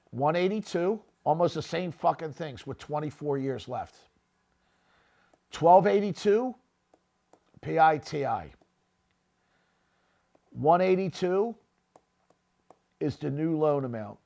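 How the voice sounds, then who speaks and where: Man, middle-aged, fairly high voice, gravelly, blunt, profane, heated podcast commentary. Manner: blunt and profane, keeps tagging lines with "okay?"; grows louder and more heated, shouting at times. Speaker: real estate investor and podcast host. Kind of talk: unscripted critical commentary.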